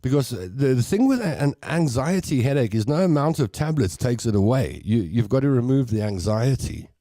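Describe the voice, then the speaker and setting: A man's voice: mid-range voice, animated, warm tone, dry recording, studio quality. A South African man hosting a casual livestream chat, reading viewer comments aloud and rambling through stories with a laugh. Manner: chatty, rambling, quick to laugh at his own jokes. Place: home studio.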